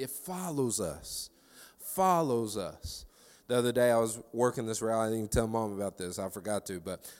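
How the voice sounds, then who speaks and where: A man giving a devotional sermon, telling a lively story from his day and building into fervent preaching. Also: medium pitch, in a large hall. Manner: conversational, animated storytelling building to preaching fervor. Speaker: devotional speaker.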